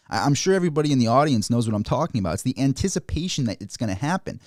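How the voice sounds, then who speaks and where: A man giving casual stock market commentary, animated and mocking officials in high put-on voices. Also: fast talker, dry recording, clean studio sound. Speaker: finance commentator.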